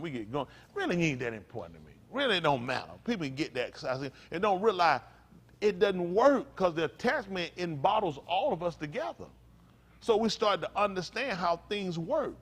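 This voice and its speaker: A man's voice: sits high, a bit bright. A male pastor preaching a loose, conversational sermon, asking the congregation questions and spelling out words. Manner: stops to spell out Hebrew words slowly.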